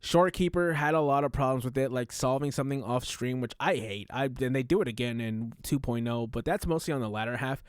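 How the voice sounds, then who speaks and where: A man streaming a reaction, talking casually in a loud, animated showman way. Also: medium pitch, fast talker, few pauses, clean tone, no echo, studio quality.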